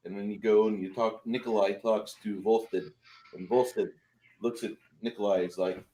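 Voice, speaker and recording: A man's voice: fairly low pitch, steady tone, normal speed, mellow, low-quality recording. A man running a tabletop game as game master, narrating in a rambling, bawdy way and laughing often.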